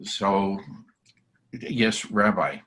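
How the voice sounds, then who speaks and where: A man guides a scripture study group at a very slow pace, stopping often for fillers and restarts. His voice sits low and unhurried. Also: expressive, fairly bright tone. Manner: hesitant, many fillers and restarts. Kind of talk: halting Torah study discussion.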